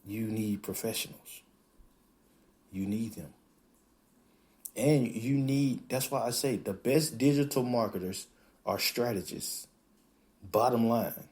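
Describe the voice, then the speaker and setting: A man hosting a podcast, talking in a casual, animated monologue that acts out quoted voices and swears freely. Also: mid-range voice, slow, long pauses. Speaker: podcast host.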